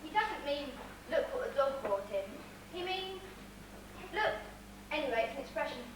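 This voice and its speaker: A young stage performer playing a well-spoken, prim girl who is quick to argue. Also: sits high, big pitch swings. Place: amateur theatre stage. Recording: echoey hall recorded from far off with hiss.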